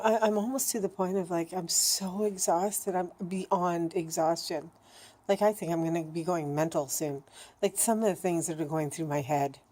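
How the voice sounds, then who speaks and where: A woman with a low, mellow voice talks straight to the camera in a candid video diary. She is blunt and swears freely. Her thoughts ramble, with frequent stops and restarts. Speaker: vlogger.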